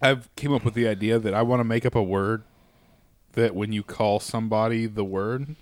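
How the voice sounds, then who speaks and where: A man's voice: on the low side, fairly even intonation, moderate pace, no echo. A man co-hosting a comedy podcast, rambling through ideas and laughing along. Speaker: podcast co-host. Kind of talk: irreverent comedic banter.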